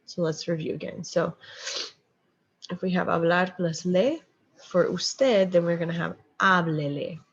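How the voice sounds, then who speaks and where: A woman's voice: fairly low pitch, fairly even intonation, a little slow, husky. A woman teaching a Spanish lesson, explaining step by step with frequent "okay" and "um". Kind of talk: recorded lecture with slides. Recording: dull lo-fi recording.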